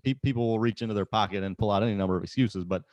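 Fast-talking male podcast host. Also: fairly low pitch, a little mellow, no echo, dull audio. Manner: emphatic, repeats words when starting sentences. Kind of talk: casual conversation.

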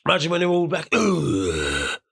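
Young man, solo host, gravelly and bright, jokey and sweary. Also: on the high side, lively intonation, fairly quick. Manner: rambling, sweary, jokey storytelling. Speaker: podcast host. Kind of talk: casual solo monologue.

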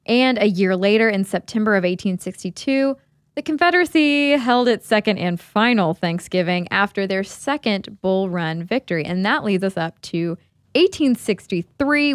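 A woman's voice: medium pitch, animated, normal speed, dry recording. A woman co-hosting a podcast, chatting about history with a wry, dry sense of humor. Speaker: podcast co-host. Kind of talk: casual history chat.

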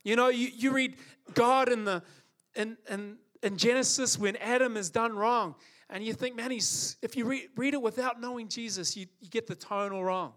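A man delivering a sermon with impassioned emphasis, stacking repeated phrases to drive his points home. His speaking voice sits high for a man. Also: fairly even intonation, normal speed, a bit bright. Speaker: preacher.

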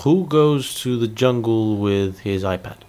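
A man's voice: medium pitch, measured pace. A man co-hosting a casual tech podcast, teasing his partner and making crude jokes. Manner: teasing, crude jokes, lively sing-song delivery. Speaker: podcast co-host. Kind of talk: casual chat.

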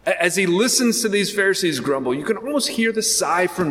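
A man preaching a sermon as pastor, earnest and animated, with frequent restarts and rhetorical questions. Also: sits high, moderate pace, hardly any pauses, long reverb tail.

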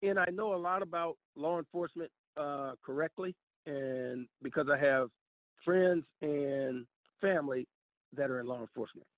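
A man's voice: on the high side, moderate pace, no room sound. A man casually telling a personal story as a caller, acting out the dialogue and calling the listener "brother". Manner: animated, addresses the listener as "brother", acts out dialogue. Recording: tinny, dry phone line.

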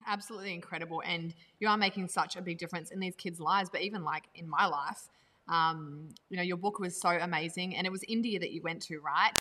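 A woman's voice: on the low side, steady tone, fast talker, bright, forceful tone, long reverb tail. A woman co-hosting a podcast, gushing and enthusiastic as she praises her guest. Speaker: podcast co-host. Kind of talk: casual podcast chat.

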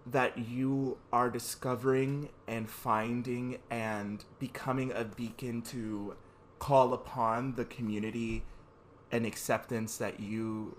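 A male podcast host with a mid-range voice speaks reflectively to his guest, with faint background noise. He affirms warmly and builds long, flowing sentences, thinking aloud as he goes. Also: medium pitch. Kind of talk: reflective conversation.

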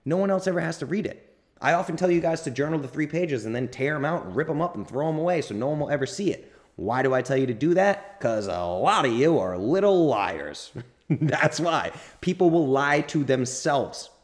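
A man's voice: fairly high pitch, brisk. A man hosting a solo self-help podcast, talking bluntly and emphatically with some swearing and repeating his points to drive them home. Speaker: podcast host and coach. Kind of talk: solo motivational podcast monologue.

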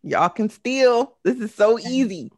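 A woman hosting a casual trivia podcast who laughs often and reads out questions slowly. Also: fairly high pitch, animated, darkish tone, no room sound, studio quality. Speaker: trivia quiz host.

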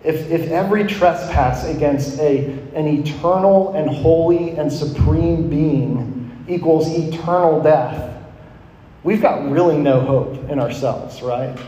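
A man's voice: fairly high pitch, takes it slowly, mellow, a little hiss or hum. A man in his thirties preaching a sermon to college students, earnest and questioning, his voice rising and falling. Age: 30s. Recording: echoey hall with long reverb.

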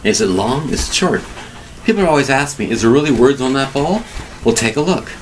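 A man teaches a single word in a loose, chatty lesson to camera, repeating and stressing his words. His voice sits at an ordinary middle pitch. A faint hiss runs under the recording. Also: lively intonation, a little fast, recorded from a distance. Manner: chatty, repetitive, emphatic. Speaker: English teacher. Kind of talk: casual vocabulary lesson to camera. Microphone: camera mic.

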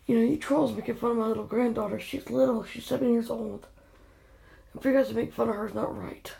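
A woman's voice: a little high, steady tone, a little fast, gravelly, pauses often. An older woman, a grandmother, angrily scolding online trolls in a direct-to-camera vlog rant. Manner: angry, scolding, emotional. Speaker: grandmother vlogger. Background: quiet house at night.

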